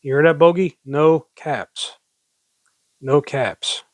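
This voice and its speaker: A man's voice: a little high, slow pace, no room sound. A man casually reading public domain poems aloud, breaking off into rambling, self-mocking asides and stifled giggles. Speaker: amateur poetry reader.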